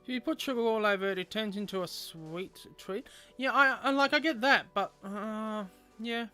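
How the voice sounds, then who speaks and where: A man's voice: high-pitched, normal speed, bright, forceful tone, clear, resonant tone, faint music behind. A man streaming a game, chatting casually with viewers and rambling aloud with lots of fillers.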